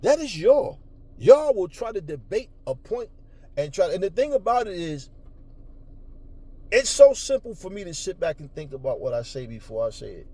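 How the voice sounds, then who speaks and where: A middle-aged man ranting at his viewers in a mellow, slightly raised voice. He swears freely, argues in a confrontational way and mocks how other people talk. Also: high voice, sing-song, normal speed. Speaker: boxing talk show host. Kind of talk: ranting commentary.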